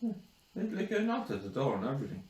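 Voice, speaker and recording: A man's voice: medium pitch, huge pitch swings, fast, darkish tone, slight background noise. A man co-hosting a casual podcast, answering with dry, short quips. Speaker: podcast co-host. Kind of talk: casual banter. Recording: echoey room, far from the mic.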